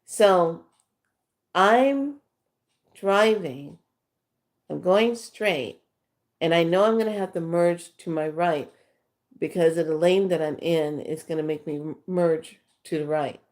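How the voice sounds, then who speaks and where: A woman's voice: fairly low pitch, takes it slowly, long pauses. A middle-aged woman, a spiritual teacher, telling rambling, chatty stories to her followers with fillers and acted-out quotes. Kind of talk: casual storytelling to followers.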